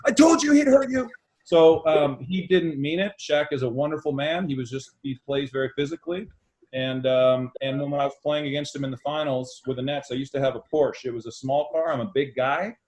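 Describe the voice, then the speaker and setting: A middle-aged man, a podcast guest, telling animated stories and acting out quoted dialogue. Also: medium pitch, brisk. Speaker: guest, former basketball player. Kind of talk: storytelling in a podcast interview.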